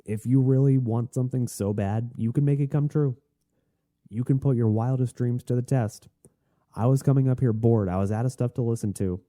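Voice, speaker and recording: A man hosting a solo podcast, talking in a rambling, chatty and excitable way. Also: medium pitch, moderate pace, dry recording, clean studio sound. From Tennessee. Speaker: podcast host.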